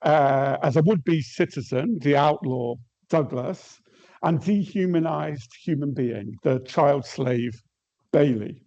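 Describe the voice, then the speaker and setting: A man giving an academic lecture at a measured pace, reading quotations aloud and pausing with some hesitations. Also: fairly high pitch, warm tone. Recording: muffled lo-fi recording.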